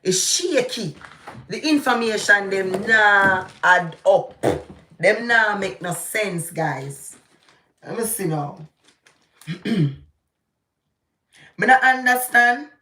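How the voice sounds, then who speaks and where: A middle-aged Jamaican woman talks politics with a bright, forceful edge, her voice bouncing around a roomy space. Her Jamaican accent thickens into patois as she rants, stretching key words out slowly and loudly, then rushing through her asides. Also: mid-range voice. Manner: animated, ranting, shifting into patois. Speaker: vlogger. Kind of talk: live political commentary.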